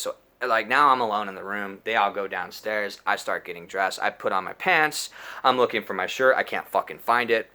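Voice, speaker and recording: A man in his twenties telling a crude personal story, slangy and animated, full of dude and bro. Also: fairly low pitch, brisk. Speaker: storyteller vlogger. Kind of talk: casual storytime monologue.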